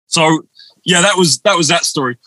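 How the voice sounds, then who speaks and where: Guest, male, bright and a touch high, chatty anecdote teller. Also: moderate pace, no room sound, poor audio. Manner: animated, rambling anecdotes with quoted dialogue. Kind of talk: casual storytelling on a video chat.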